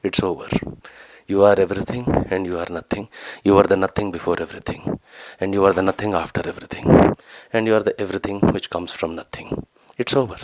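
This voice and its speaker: A man speaks in a somewhat low voice, musing on spiritual ideas in a podcast talk. He is earnest and keeps repeating phrases to build emphasis. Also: steady tone, a little fast, a little mellow, dry recording. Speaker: podcast host.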